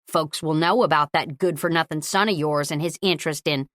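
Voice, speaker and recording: Woman reading spunky older lady, bossy and sharp, low-ish voice. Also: a little fast, no room sound, studio quality, natural voice. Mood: scolding. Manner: sharp, scolding, commanding.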